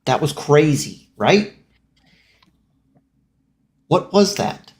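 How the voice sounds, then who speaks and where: A man playing a tabletop game, incredulous and animated. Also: fairly high pitch, very slow. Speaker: player. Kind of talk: casual game talk.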